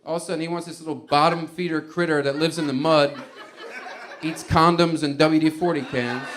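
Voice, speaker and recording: Guy doing stand-up, a bit high-voiced, rambling storyteller, lots of restarts and side comments. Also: fairly even intonation, fairly quick, a bit bright, slight background noise. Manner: wry, conversational asides to the audience. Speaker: stand-up comedian. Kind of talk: stand-up comedy set.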